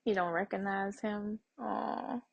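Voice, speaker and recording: A woman's voice: medium pitch, steady tone, slow, creaky, breathy edge, highs cut off. A young adult woman hosting a TV reaction video, chatting casually to her viewers and thinking aloud with plenty of fillers.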